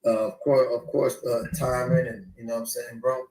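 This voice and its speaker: Boxer, rambling, echoey distant clip. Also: male voice, medium pitch, level tone, fairly quick, darkish tone. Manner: rambling, repeats filler phrases. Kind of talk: interview clip.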